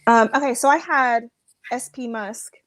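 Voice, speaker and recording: A woman's voice: on the high side, unhurried, a bit bright, dry recording. A woman from a small farming town in the United States, a guest on a casual video-call chat, rambling and giggly with lots of fillers. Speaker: guest fragrance reviewer.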